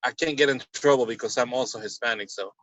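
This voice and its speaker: A man hosting a casual podcast chat in a relaxed, sometimes sarcastic manner. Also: medium pitch, fast talker, no echo. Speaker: podcast host. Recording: slightly dull, lo-fi.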